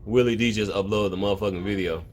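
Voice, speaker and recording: A man's voice: fairly low pitch, fairly even intonation, quick pace, slight background noise. A man hosts a home video, rambling through loose, swear-heavy commentary and often breaking off mid-thought. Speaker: online video host. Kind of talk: profane comedic commentary. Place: at home, with a cat in the room.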